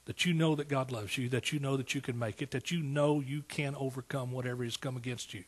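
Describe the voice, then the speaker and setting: A man's voice: medium pitch, steady tone, brisk, slightly rough. A man, a pastor preaching a sermon in a folksy, storytelling way that rises to emphatic praise. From East Texas.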